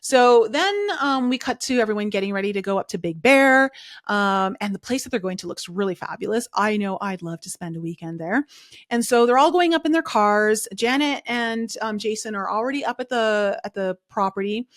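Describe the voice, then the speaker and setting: A woman's voice: mid-range voice, animated, normal speed, dry recording, clean studio sound. A woman hosting a podcast, recapping a reality show in a casual, chatty way full of fillers and strong opinions. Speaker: podcast host.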